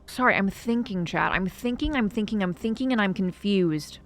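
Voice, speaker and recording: A young woman streaming a game live, chatting casually and dramatically with her viewers, swinging from excitement to mock sadness. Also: medium pitch, moderate pace, slight background noise. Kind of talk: casual live-stream chat while gaming. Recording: faint music behind.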